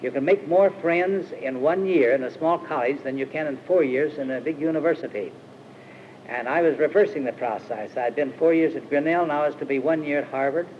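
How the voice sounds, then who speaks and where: An older man from Iowa gives an informal storytelling sermon at a Christian retreat camp, halting often with uh and restarting his phrases. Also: a little high, slight background noise. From Iowa, USA. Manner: rambling, halting, with many uh-hesitations and restarts. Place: camp meeting hall. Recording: dull 1950s archive recording.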